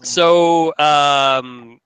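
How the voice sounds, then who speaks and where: A man's voice: fairly high pitch, drawn-out words, a bit bright, smooth, no room sound, poor audio. A young man co-hosting a casual gaming podcast, rambling with lots of restarts. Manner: rambling, many restarts and fillers. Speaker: podcast co-host.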